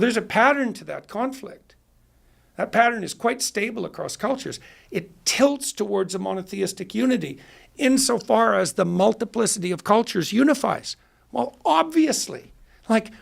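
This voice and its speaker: A man's voice: high voice, vocal fry. A man speaking as a guest psychologist, explaining his ideas step by step with firm emphasis. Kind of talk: lecturing interview talk.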